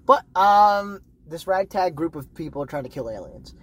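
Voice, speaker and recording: A man's voice: on the high side, animated, normal speed, fairly bright tone. A young man co-hosting a podcast in casual chat, laid-back and crude, laughing and saying "dude" a lot. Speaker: podcast co-host.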